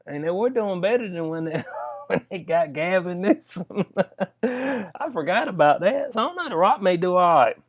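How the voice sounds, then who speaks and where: A man's voice: sits high, lively intonation, moderate pace, phone-quality sound. A man giving casual, rambling commentary on news stories, full of slang and frequent laughter. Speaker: political commentary vlogger.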